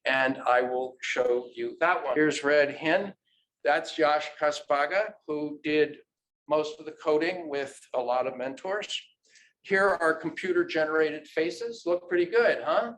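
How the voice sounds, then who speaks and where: A man's voice: on the high side, a little slow, fairly bright tone, a little hiss or hum, low-quality recording. Chatty man presenting at a conference. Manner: informal lecturing with frequent "right?" checks. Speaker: academic presenter. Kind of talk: conference talk. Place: conference room.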